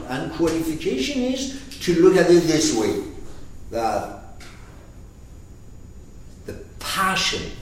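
A man teaching a class on a poetic text, speaking emphatically and asking his students questions. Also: on the high side. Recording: echoey room, distant mic, faint noise.

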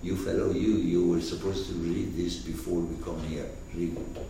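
A man's voice: low-pitched, little pitch movement, normal speed, creaky, warm tone. A man teaching a class on a poetic text, speaking emphatically and asking his students questions. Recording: echoey room, distant mic, faint noise.

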